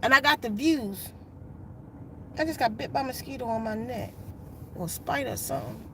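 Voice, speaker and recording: A woman's voice: on the high side, expressive, fairly quick, background noise. A woman hosting a meditation channel, telling a personal story in a casual, earnest and repetitive way from inside her RV. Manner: earnest, repetitive, emphatic retelling.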